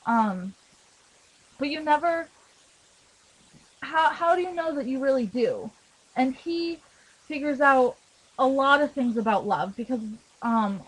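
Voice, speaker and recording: A woman's voice: a little high, rough recording. A young woman talking casually to camera about her favourite books, earnest and full of fillers and restarts. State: emotional, holding back tears. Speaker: book vlogger.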